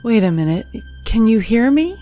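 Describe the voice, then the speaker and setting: A woman's voice: a little high, sing-song, normal speed, dark tone, soft background music. A woman voicing a frazzled, short-tempered mother of four in an audio drama, with an emotional, exclamatory delivery. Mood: alarmed. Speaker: voice actor.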